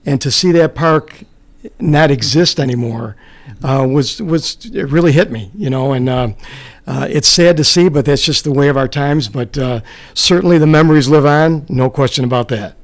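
A man's voice: mid-range voice, moderate pace. An older man, co-hosting and speaking modestly with many fillers. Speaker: co-host. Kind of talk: reminiscing talk show chat.

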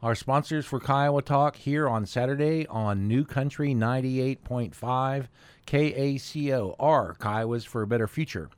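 A man hosts a local radio talk show in an easygoing, friendly voice. He sits at a dry, close studio microphone with a mid-range pitch. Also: unhurried, clear, resonant tone, no echo. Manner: relaxed, friendly, reads sponsors.

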